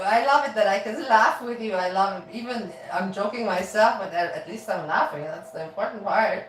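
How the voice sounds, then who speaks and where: High-voiced chatty woman streaming while cooking. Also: moderate pace, few pauses, distant mic, slight background noise. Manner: chatty, animated, laughs often, swears freely. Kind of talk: casual live-stream chat while cooking. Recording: roomy echo with faint music.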